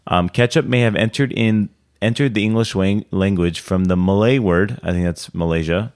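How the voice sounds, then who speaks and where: A young man co-hosting a podcast talks in a rambling, enthusiastic way, packing his casual chat with fillers. His voice is lowish, darkish and clean, at a normal speed.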